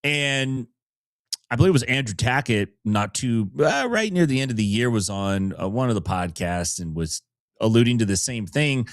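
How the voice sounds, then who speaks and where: A man's voice: medium pitch, expressive, normal speed, no room sound, clean studio sound. A man co-hosting a casual grappling podcast as a coach, talking in a wry, laid-back way and laughing as he goes.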